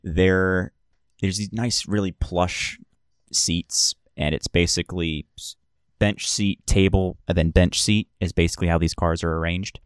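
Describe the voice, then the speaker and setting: Deep-voiced man narrating a tabletop game. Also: steady tone, a little slow, clean tone, no echo, clean studio sound. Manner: descriptive, rambling with many fillers and restarts. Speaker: game master.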